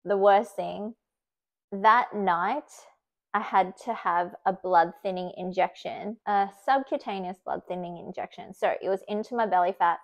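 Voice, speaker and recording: A woman's voice: mid-range voice, unhurried. A woman chatting casually to camera in a vlog. Her talk is loose and filler-heavy, peppered with "like," and she laughs easily between stories. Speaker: vlogger.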